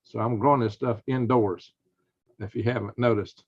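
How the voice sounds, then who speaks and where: A man hosting a live prepping channel, rambling folksy commentary that turns loud and indignant, with a drawl. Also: mid-range voice, fairly even intonation, moderate pace, husky, no room sound, muffled recording.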